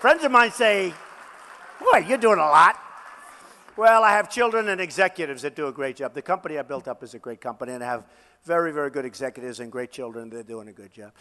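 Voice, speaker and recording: A man's voice: a little high, quick pace, sharp tone. Boastful older man speaking in an echoing hall. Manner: boastful, repetitive, off-the-cuff. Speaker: political candidate at a rally. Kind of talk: rally speech. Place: large rally hall. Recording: echoey rally hall reverb.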